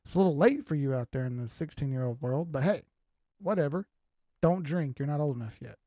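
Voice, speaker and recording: A man's voice: a little high, lively intonation, a little fast, warm tone, dry recording, studio quality. An older man hosting a crypto livestream, talking loosely and with profanity while reading out viewer comments. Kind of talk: casual livestream chat.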